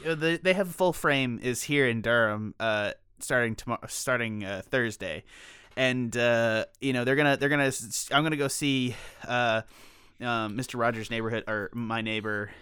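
A man in casual film chat, lively, profane and self-mocking, recorded close in a dry room. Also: medium pitch, normal speed, clean tone, dry recording.

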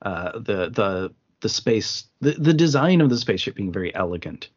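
A man's voice: fairly low pitch, very animated, normal speed. A man co-hosting a podcast, chatting casually about films, rambling with frequent restarts and fillers. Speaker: podcast co-host. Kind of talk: casual film discussion. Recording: slightly muffled lo-fi podcast audio.

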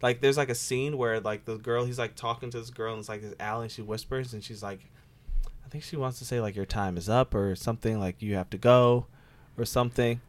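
A man chats casually on a podcast at a slightly fast clip and in a steady tone, rambling and leaning heavily on "like." When a TV show exasperates him, his voice jumps high.

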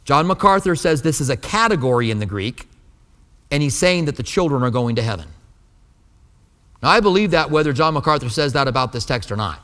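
A man's voice: medium pitch, animated, fairly quick, fairly bright tone. A man preaching a sermon as pastor, telling stories in a conversational way and acting out the dialogue. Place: church sanctuary. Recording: long hall reverb.

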